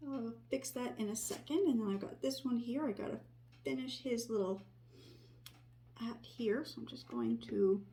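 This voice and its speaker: A woman quietly narrating her sewing project at home, thinking aloud and often dropping to a whisper. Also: a little high, normal speed, creaky, slight background noise. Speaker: crafter sewing on camera. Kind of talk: casual crafting narration. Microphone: desk microphone near her.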